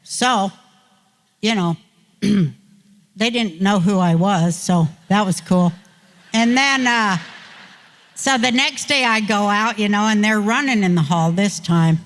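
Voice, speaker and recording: A woman's voice: mid-range voice, slow, long pauses. An older woman, a guest on an interview show, telling a rambling, folksy, self-mocking story.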